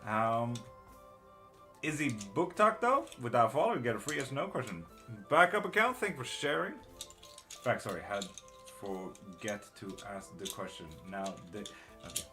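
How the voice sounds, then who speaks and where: A man's voice: medium pitch, sing-song, moderate pace, bright, forceful tone, faint music behind. A middle-aged man doing a casual live-stream tarot reading, reading out chat and muttering curses under his breath. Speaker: tarot reader and witchcraft teacher.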